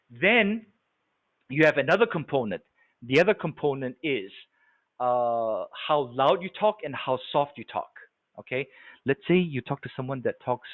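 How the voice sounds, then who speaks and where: A man leading a live sales training webinar, animated and coaching, often checking that his audience follows. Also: medium pitch. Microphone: video call. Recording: tinny phone-like webinar audio.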